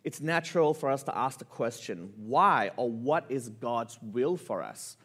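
A man preaching a sermon, telling a personal story with lively, animated delivery that rises with excitement. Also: medium pitch, measured pace, breathy edge. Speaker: pastor.

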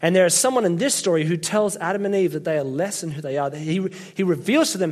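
A young man delivers a sermon in a relaxed, conversational way. His voice sits a little high for a man. He keeps checking in with listeners and slips in light jokes as he goes. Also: fast talker, few pauses. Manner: conversational, jokey, often checks in with "right?" and "okay?". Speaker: pastor.

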